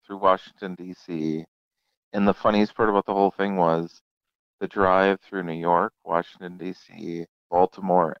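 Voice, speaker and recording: A man's voice: deep voice, no room sound, lo-fi sound. A young adult man, a comedian guest, telling stories in a casual, laid-back chat and acting out the people in them. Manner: laid-back storyteller, acts out quoted voices.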